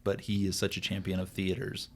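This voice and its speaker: A man's voice: sits low, completely flat delivery, a little fast, a little hiss or hum. A man co-hosting a podcast, chatting casually and throwing in joking asides. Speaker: podcast co-host.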